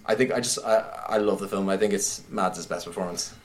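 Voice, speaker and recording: A man in casual conversation, retelling a film scene by scene in an animated way, with many "like"s. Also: low-pitched, a little fast. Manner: animated retelling, heavy use of "like". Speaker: podcast guest discussing films.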